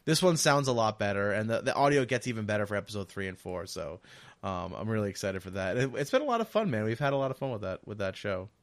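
A man's voice: fairly low pitch, lively intonation, fast talker, dry recording. A man co-hosting a casual podcast, talking loosely with lots of fillers and restarts. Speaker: podcast co-host.

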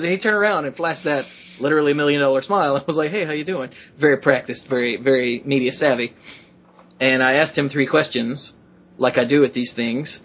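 Man, podcast host, casual chat, husky, excitable storyteller, muffled lo-fi sound. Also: medium pitch. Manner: excitable storyteller, acts out quotes in a rising voice.

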